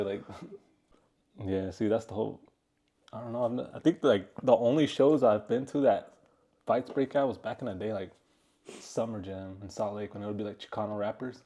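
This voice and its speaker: A podcast co-host chats casually, rambling in a laid-back way and swearing freely. His voice sits fairly low, with a dark tone and a moderate pace.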